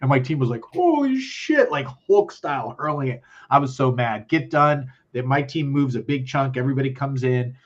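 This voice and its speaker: A man's voice: medium pitch, a little fast, highs cut off. A man telling a story as a podcast guest, swearing often and acting out what people said. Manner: profane, animated, acts out quotes. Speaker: podcast guest, festival organizer. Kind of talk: casual storytelling.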